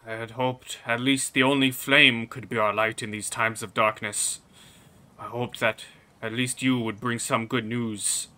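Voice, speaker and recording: A man voicing an aging, stern king who is quick to rage, with a grave, heavy way of speaking. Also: medium pitch, flat delivery, sharp tone. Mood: weary.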